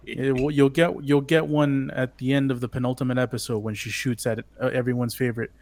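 A man's voice: mid-range voice, little pitch movement, brisk, darkish tone. A man co-hosting a podcast, chatting casually about a TV show, hesitant with frequent restarts. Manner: hesitant, many restarts, chuckling asides. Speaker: podcast co-host. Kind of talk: casual chat discussing a TV show.

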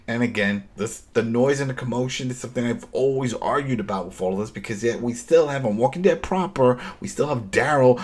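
A man hosting a podcast, recapping a TV episode in casual, animated chat with quick asides. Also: mid-range voice, husky. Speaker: podcast host.

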